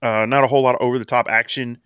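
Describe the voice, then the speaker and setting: A man's voice: medium pitch, level tone, racing, fairly bright tone, clear, resonant tone, no echo, studio quality. A man co-hosting a casual wrestling podcast, recapping in a chatty way and laughing as he acts out quotes. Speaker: podcast co-host.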